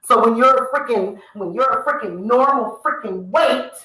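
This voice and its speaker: An American spiritual reader and channel host rants to camera, heated and scolding as she addresses people directly. Her bright voice is on the high side, at a normal speed, and it echoes in the room.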